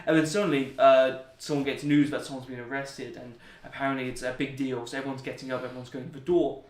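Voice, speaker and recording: A man's voice: mid-range voice, little pitch movement, quick pace. A young man chatting as an interview guest, telling rambling anecdotes and often laughing at them. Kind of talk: casual storytelling. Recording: roomy, distant mic.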